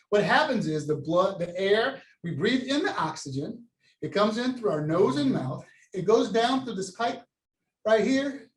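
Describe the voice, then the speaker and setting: A man with a high voice leads children through a science lesson, calling out words for them to repeat back. He speaks from some distance off the mic in an echoey room, so his voice rings and sounds far. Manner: animated, call-and-response prompting; gestures while talking, stands and demonstrates. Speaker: science educator. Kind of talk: interactive kids' science lesson.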